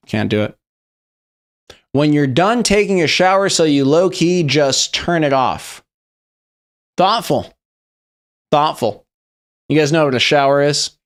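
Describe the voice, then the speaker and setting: A young man hosting a live stream, reacting loosely and profanely to memes, rambling and chatty. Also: medium pitch. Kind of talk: casual live-stream meme review.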